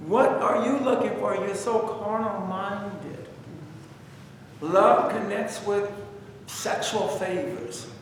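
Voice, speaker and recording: A man's voice: sits high, takes it slowly, far from the mic, slight background noise. A man leading a Bible study, talking in a conversational, repetitive, exhorting way. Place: church room. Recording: echoey church room heard from afar.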